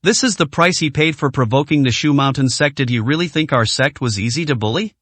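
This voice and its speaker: A man voicing a confident young male sect leader in a read-aloud story, speaking calmly and coolly. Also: mid-range voice, dry recording, lightly acted. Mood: cold. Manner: calm, cold and unhurried.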